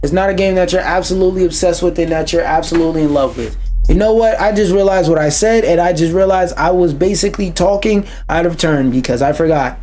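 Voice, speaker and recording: A man's voice: on the high side, fast talker, a little mellow, soft background music. Profane ranting young man streamer. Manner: profane, ranting, interrupts reading to complain. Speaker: streamer reading an article aloud. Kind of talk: casual reaction commentary.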